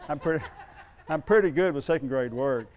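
A middle-aged man preaching a sermon, telling a personal story in a folksy way that swings from loud to hushed. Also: mid-range voice, brisk, lo-fi sound. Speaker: pastor.

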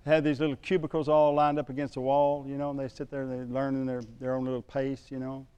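A middle-aged man preaching a sermon, telling a personal story in a folksy way that swings from loud to hushed. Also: medium pitch, little pitch movement, quick pace, smooth. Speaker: pastor.

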